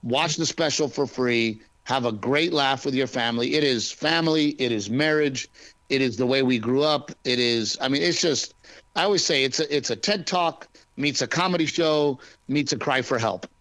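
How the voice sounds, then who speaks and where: A male stand-up comedian from Texas, chatting casually and joking in an interview, with quick restarts. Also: mid-range voice, a bit bright, no room sound.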